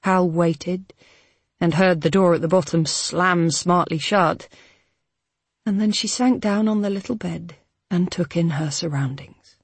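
A reader narrating a novel in a measured, even storytelling delivery. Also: mid-range voice, slightly rough, dry recording. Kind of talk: scripted audiobook narration.

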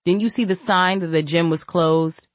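A woman voicing a cold, controlled male boss in a storybook, speaking in a measured, threatening way. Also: fairly low pitch, fairly even intonation, no room sound, natural voice. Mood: menacing.

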